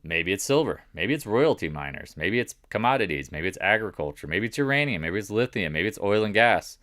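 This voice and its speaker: Low-voiced excitable man recapping markets. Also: fairly quick, no echo, clean studio sound. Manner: excitable, rambling, jumps between thoughts. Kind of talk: casual live stream commentary.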